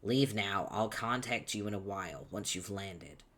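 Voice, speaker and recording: A man voicing an angry, foul-mouthed young male troll, shouting insults impatiently, reading a webcomic aloud. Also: on the low side, expressive, a little slow, full character voice. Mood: irritated.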